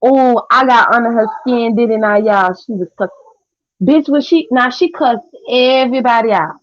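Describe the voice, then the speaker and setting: A young woman, chatting casually with viewers on a livestream in a sassy, trash-talking way with loud cackling laughs. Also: on the high side, moderate pace, no echo. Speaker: livestream host. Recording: dull lo-fi stream audio.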